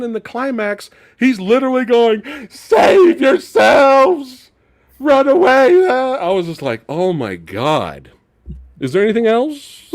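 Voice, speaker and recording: A man co-hosting a casual movie review chat, ranting with animated delivery and mocking impressions. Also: fairly high pitch, no echo, studio quality. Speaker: podcast co-host.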